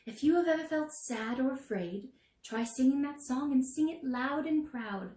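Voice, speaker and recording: A woman leading a children's sing-along, gently encouraging, singing show tunes and teaching yodels. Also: sits high, expressive, moderate pace, roomy sound.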